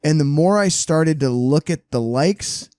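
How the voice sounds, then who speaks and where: A man hosts a relaxed podcast and tells animated anecdotes full of casual swearing. His voice sits a little on the high side. He is recorded close up in a dry, dead-sounding space. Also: unhurried, no echo. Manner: animated storyteller, swears freely. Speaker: podcast host.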